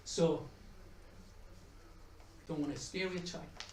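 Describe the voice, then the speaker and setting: Middle-aged guy giving a talk, slightly high voice, heard from across an echoey room, chatty and repeats himself a lot. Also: steady tone, moderate pace, far from the mic, a little hiss or hum. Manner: chatty, repeats and restarts words, tells jokes. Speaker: economics professor giving a talk. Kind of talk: conference presentation. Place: conference room with audience. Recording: echoey room, mic from afar.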